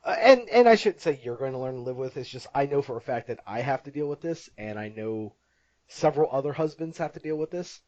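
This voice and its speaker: A man's voice: medium pitch, expressive, fairly quick, a little mellow, no echo, dull audio. A man hosting a podcast in casual chat, rambling and joking, laughing often at his own stories. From Italian-American family. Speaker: podcast host.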